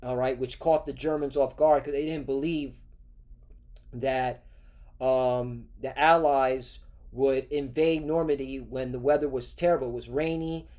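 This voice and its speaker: Brief: cursing male preacher-style host, rambling rant, mid pitch. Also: steady tone, unhurried, a little mellow. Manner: profane, ranting, repeats "all right?". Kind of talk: religious news commentary.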